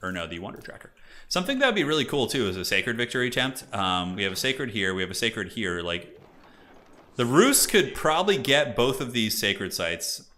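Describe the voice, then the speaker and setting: A man casually commentating a strategy game on his live stream, rambling and animated with lots of "like" fillers. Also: mid-range voice, brisk.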